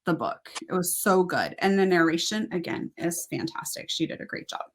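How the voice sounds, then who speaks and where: A woman's voice: fairly low pitch, lively intonation, moderate pace, a little hiss or hum. A woman co-hosting a book review show, casually retelling a story with lots of "like" asides. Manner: retelling a plot with "like" and "he's like" asides. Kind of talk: casual chat.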